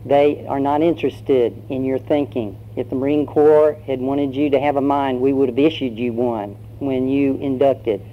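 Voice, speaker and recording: A man's voice: medium pitch, fairly even intonation, moderate pace, few pauses. Man preaching a story-driven sermon. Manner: conversational storytelling with fillers and acted voices. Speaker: pastor. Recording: dull lo-fi sermon recording, faint hum.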